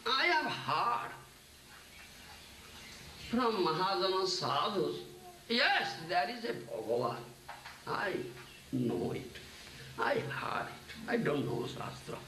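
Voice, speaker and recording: A man voicing a fond, humble old village father who gently chides a boy, with pleading, tender and teasing turns. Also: sits high, full character voice. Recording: echoey hall, distant mic, faint hiss.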